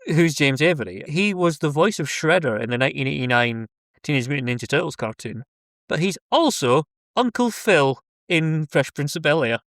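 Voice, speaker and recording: A man's voice: a little high, lively intonation, normal speed, a bit bright, no room sound, clean studio sound. A Scottish man joking wryly as a podcast guest in casual chat. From Scotland. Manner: wry, joking.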